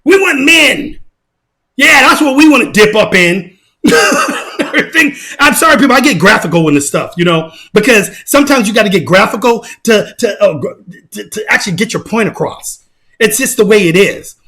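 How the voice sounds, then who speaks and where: Male commentator, casual rant, high-pitched bright voice, emphatic, repetitive. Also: lively intonation, a little fast. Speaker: online commentator.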